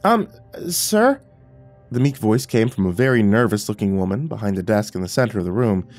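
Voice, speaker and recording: A man narrating a scripted horror story in a measured storytelling way. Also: fairly low pitch, a little mellow, faint music behind.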